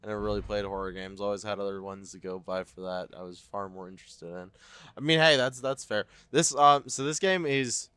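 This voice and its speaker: Guy cursing and joking thru a horror game playthrough, bright sharp voice. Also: fairly low pitch, fairly quick, clean tone, dry recording. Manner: joking, profane, talks to viewers. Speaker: let's play host. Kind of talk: casual gameplay commentary.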